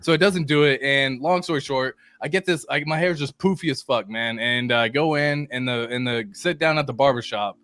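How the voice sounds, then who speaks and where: A man, a Marine veteran, telling a profane, animated story in casual chat. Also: medium pitch, moderate pace, hardly any pauses.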